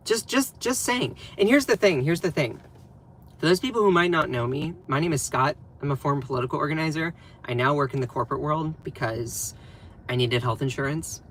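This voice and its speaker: A man's voice: fairly high pitch, a little fast, a bit bright, slight background noise. A man with a Southern US accent giving casual live-stream commentary, emphatic and repeating phrases for stress.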